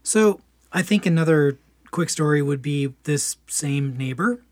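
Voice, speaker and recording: A man's voice: fairly high pitch, measured pace, darkish tone, no echo. A man co-hosting a podcast in easygoing casual chat, often chiming in with agreement. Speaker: podcast co-host.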